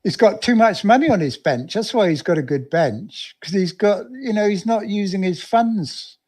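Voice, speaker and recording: A middle-aged man co-hosting a podcast stream, speaking in a calm, reassuring way with plenty of ums. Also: high-pitched, moderate pace. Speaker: podcast co-host. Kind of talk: casual chat on a live stream.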